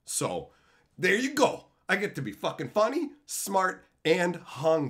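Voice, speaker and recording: A man in his thirties from Canada, ranting crudely on a live stream, swearing freely and bragging, swinging from loud outbursts to mumbles. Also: sits high, wildly swooping pitch, takes it slowly.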